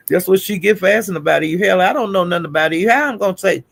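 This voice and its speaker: Male livestream host, gravelly, sassy gossip chat, dry close mic. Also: high-pitched, no room sound. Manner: gossipy, greets viewers in chat, calls them honey and child. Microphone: streaming setup.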